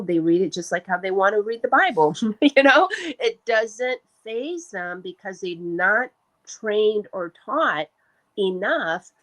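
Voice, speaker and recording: A woman's voice: mid-range voice, poor audio. A woman host in casual discussion, explaining earnestly with frequent ums.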